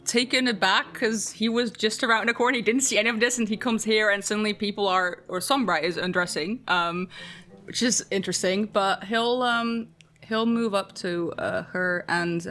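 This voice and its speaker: Brief: woman tabletop player, mid pitch, halting delivery with many ums, narrates character actions. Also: fairly bright tone. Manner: hesitant, full of fillers, narrates her character's actions. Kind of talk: casual tabletop play.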